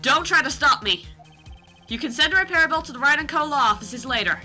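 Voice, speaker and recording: A woman's voice: extremely high pitch, expressive, fairly quick, faint music behind, voice pushed up, heavily acted. Woman doing a panicky young lawyer man. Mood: determined. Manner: panicky, stammering, loud. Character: young male defense lawyer, jumpy and earnest.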